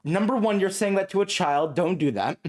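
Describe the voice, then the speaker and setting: A man playing in a tabletop game, lively and lecturing, laughing often. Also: sits high, fairly quick. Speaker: player.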